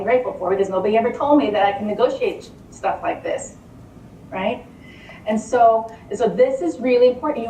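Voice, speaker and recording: Chatty woman speaking in a roomy hall. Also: mid-range voice. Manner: animated, chatty, with repeated words and rhetorical questions. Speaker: lecturer speaking to a live audience. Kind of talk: conversational presentation. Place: meeting room with an audience. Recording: roomy hall, distant mic, faint room noise.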